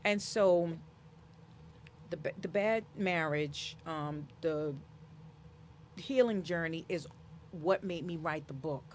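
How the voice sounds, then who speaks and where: A woman author in an interview, speaking in an animated, emphatic, motivational way and acting out the voices she quotes. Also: low-pitched, slow, pauses often, slight background noise. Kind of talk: casual interview conversation.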